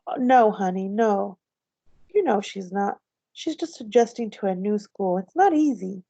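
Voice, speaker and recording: A woman voicing a tired, loving mother who comforts her son very softly, almost in a whisper. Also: mid-range voice, expressive, measured pace, vocal fry, no room sound. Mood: tender, tired. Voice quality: very soft, near whisper. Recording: slightly dull, dry recording.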